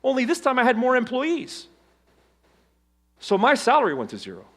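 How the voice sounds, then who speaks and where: A middle-aged man giving a motivational keynote on stage, telling his story with dramatic swings between loud emphasis and hushed low tones. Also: huge pitch swings, moderate pace. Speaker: keynote speaker. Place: conference stage before a live audience.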